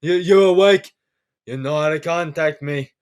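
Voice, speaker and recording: A man putting on a loud, wobbly impression of a brash, boastful older male politician. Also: fairly high pitch, normal speed, clean tone, pitched above the performer's own voice, natural voice. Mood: mocking.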